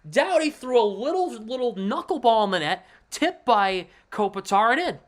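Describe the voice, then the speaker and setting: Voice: mid-range voice, big pitch swings, normal speed. A livestream host and devoted hockey fan giving casual, emphatic commentary, walking viewers through a play on screen and ranting about the team's losses.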